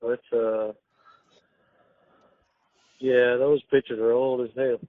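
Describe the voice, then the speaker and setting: A man's voice: mid-range voice, level tone, takes it slowly, dry recording. Curt man over a tinny phone line. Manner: terse, offhand, curt answers. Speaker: home seller on the phone. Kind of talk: phone call.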